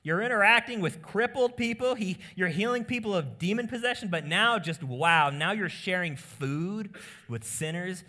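A preacher playing indignant religious critics. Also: male voice, sits high, lively intonation, moderate pace, pushed and bright, pitched above the performer's own voice. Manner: indignant, accusing.

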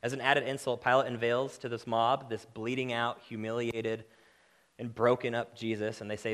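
Guy preaching a sermon, mid pitched, gets loud and fired up then drops real quiet and earnest. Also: fairly even intonation, normal speed. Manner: impassioned, rising to emphatic peaks then dropping low.

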